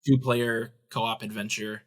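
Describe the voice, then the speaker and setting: A man's voice: medium pitch, little pitch movement, unhurried. A man co-hosting a gaming podcast, chatting casually with frequent ums and restarts, and reading news items aloud. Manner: hesitant, lots of ums and restarts. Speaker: podcast co-host.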